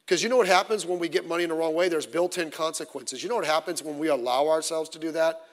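A middle-aged man preaching a sermon as pastor, animated and wry, with many rhetorical questions. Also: fairly high pitch, fast, big-room sound. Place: church sanctuary.

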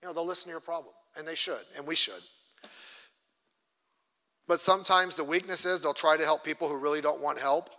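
A middle-aged pastor with a high, steady, bright and forceful voice teaches a church class briskly, leaving long pauses. His conversational sermon-style teaching is chatty and self-deprecating, with small quotes acted out, all in a long reverberant church hall.

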